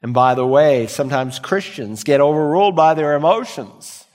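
A male pastor preaching a sermon, swinging from loud emphatic lines to quiet, low asides. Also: normal speed, big-room sound.

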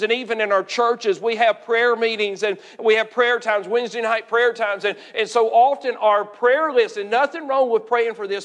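A pastor preaches an earnest sermon in a high, bright voice, drawing out the words he wants to emphasize and often repeating words as he builds each point. A long reverb rings around him, like in a large hall.

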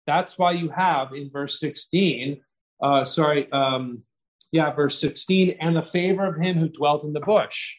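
Earnest man preaching an expository sermon. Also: poor audio. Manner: earnest expository preaching, rising pitch when animated. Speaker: pastor.

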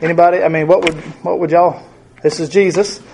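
A man's voice: on the high side, steady tone, fairly quick, vocal fry, darkish tone. A middle-aged man teaching a Bible study in a conversational way, often asking his group questions.

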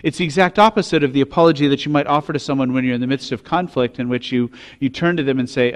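A man's voice: mid-range voice, fast, hardly any pauses. A man preaching a sermon, reading scripture and asking rhetorical questions with rising intensity. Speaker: pastor.

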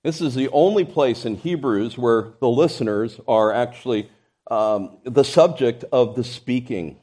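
A pastor preaches to his congregation, building emphasis point by point and frequently restarting mid-phrase. His voice is medium-pitched, unhurried and dark in tone.

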